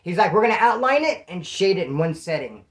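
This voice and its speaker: A man's voice: high-pitched, big pitch swings, a little fast. A man and former prisoner telling a casual first-person story, rambling in slang and acting out the dialogue he quotes.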